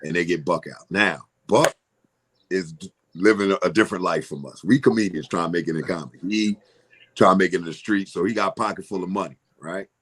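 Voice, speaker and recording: With slight background noise behind him, a middle-aged man from Philadelphia, USA, talks in a low-pitched voice at a somewhat fast pace. He's a comedian guest in a casual interview, lively in his storytelling, acting out voices and laughing often.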